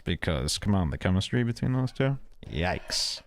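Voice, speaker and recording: A man's voice: mid-range voice, lively intonation, moderate pace, few pauses, noisy background. Rambling, crude-joking male podcast host. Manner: rambling, crude, sarcastic jokes. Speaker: show host. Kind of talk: casual podcast commentary.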